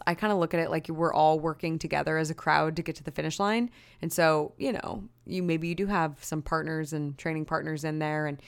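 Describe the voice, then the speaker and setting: A woman's voice: deep voice, smooth. A young woman hosting a podcast on her own, talking in a chatty, rambling way, mocking herself and drifting into side stories. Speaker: podcast host. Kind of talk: casual solo podcast chat.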